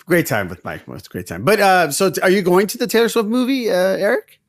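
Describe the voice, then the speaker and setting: A man's voice: high-pitched, big pitch swings, quick pace, no room sound. A man hosting a podcast, telling stories and bantering with guests in a friendly, laughing way. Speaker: podcast host. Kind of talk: casual chat.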